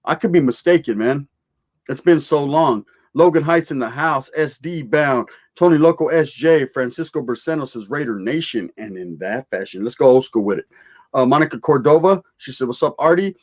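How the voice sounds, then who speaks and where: A man's voice: medium pitch, expressive, normal speed. Laid-back man reading live chat. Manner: laid-back street slang with Spanish words mixed in. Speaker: livestream host reading viewer comments. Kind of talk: casual livestream chat.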